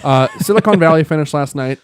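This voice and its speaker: A man's voice: a little high, fast, clean tone, no room sound. Young man ranting, dry close sound. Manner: profane, worked-up rants that rise to shouting. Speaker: podcast co-host. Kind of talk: casual chat.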